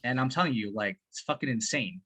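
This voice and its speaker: A man on a video call giving sales-practice feedback in casual chat, excitable and profane, laughing as he talks. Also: medium pitch, fast. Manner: excitable, swears often, laughs while talking.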